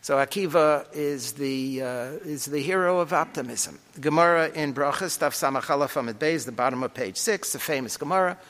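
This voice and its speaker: A man teaching a Talmud class with animated delivery and frequent rhetorical questions. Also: fairly high pitch, a little fast, few pauses. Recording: long hall reverb.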